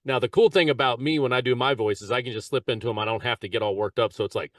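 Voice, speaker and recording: A man hosting a podcast in casual interview chat, laughing often and talking with a lively, slightly halting manner. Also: medium pitch, no room sound, clean studio sound, recorded from a distance. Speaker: podcast host.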